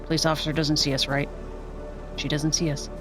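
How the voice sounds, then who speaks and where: A woman streamer commentating as she plays a video game, thinking out loud with playful asides. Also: low voice, little pitch movement, brisk. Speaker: gaming streamer. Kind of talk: let's play commentary. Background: game music.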